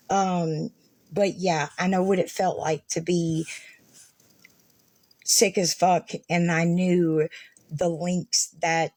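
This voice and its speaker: A woman's voice: fairly low pitch, darkish tone, no echo. A woman vlogger talking casually and rambling, with frequent swearing and fillers as she reads through messages. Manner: rambling, profane, many fillers. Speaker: vlogger reading messages aloud. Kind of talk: casual storytelling.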